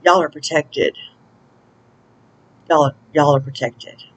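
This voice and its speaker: A woman's voice: low-pitched, slow, a little hiss or hum, low-quality recording. Chatty woman doing an oracle reading. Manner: chatty, laughs often, talks to angels aloud. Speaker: intuitive oracle card reader. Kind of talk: casual spiritual channeling and oracle reading.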